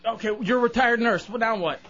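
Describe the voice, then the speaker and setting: A man's voice: very high-pitched, quick pace. A male radio host in pain, groaning and complaining through on-air banter. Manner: groaning, pained and exasperated. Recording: muffled broadcast with loud music.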